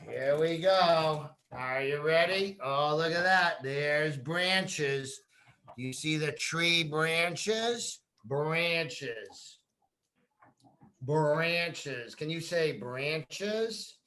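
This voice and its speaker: Very slow bright-voiced teacher. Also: mid-range voice, animated. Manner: slow, drawn-out words, repeats key words and prompts children to say them. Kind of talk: reading a picture book aloud to young children.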